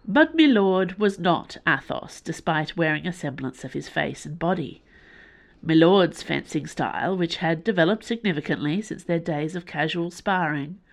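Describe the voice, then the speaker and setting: A woman hosting a podcast, reading a fiction serial aloud with expressive, measured delivery, recorded in a small room with a closed door. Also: low-pitched. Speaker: podcast host and reader. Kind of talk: audiobook serial narration.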